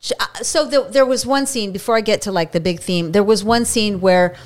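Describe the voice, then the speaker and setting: A woman's voice: mid-range voice, fairly quick. A woman co-hosting a casual podcast, chattily retelling a movie's plot with some swearing. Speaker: podcast co-host. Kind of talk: casual movie-review chat.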